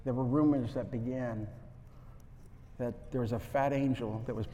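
A man preaching a sermon, telling a story and acting out the voices, swinging from loud to hushed. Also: mid-range voice, moderate pace, highs cut off, a little hiss or hum. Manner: animated, acts out quotes, swings from loud to hushed. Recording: long hall reverb.

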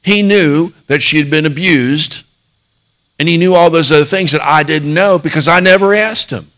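A man's voice: on the high side, moderate pace, fairly bright tone. A middle-aged man, a pastor, preaching a sermon and telling a personal story in an earnest voice, with frequent restarts.

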